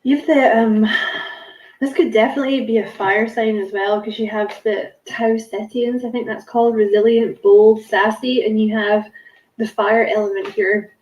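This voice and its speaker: A woman's voice: fairly high pitch, fairly even intonation, normal speed, darkish tone, reverberant, poor audio. A woman giving a casual spiritual card reading to camera, musing and rambling with many fillers and self-corrections. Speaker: tarot card reader.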